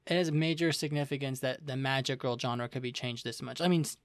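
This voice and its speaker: Young male co-host, casual and animated, mid-range voice, close dry mic. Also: mid-range voice, dry recording. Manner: animated, rambling, quick to laugh. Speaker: podcast co-host. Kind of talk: casual anime review chat.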